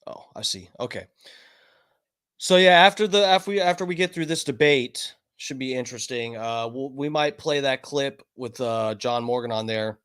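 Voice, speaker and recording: A man's voice: medium pitch, moderate pace, a bit bright, smooth. A man hosting a casual livestream from a home studio, chatting loosely, swearing and mocking himself, now and then coughing from smoking. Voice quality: loose and profane, self-mocking. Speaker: streamer host.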